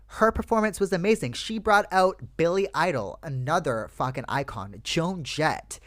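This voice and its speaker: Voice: mid-range voice, expressive, moderate pace, hardly any pauses, no echo, clean studio sound. Swearing, ranting podcast host. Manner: ranting, swears freely, addresses listeners as "you guys". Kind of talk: casual solo podcast chat.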